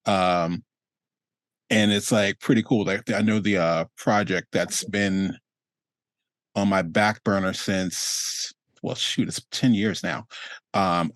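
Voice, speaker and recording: A man's voice: lowish voice, no room sound. A male host chatting casually on a video call, rambling and restarting his sentences and laughing often. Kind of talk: casual chat.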